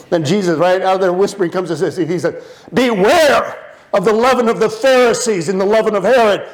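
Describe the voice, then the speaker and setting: Preaching with a high, fairly quick voice, this male pastor gives an animated, playful sermon in which he performs the disciples with comic voices.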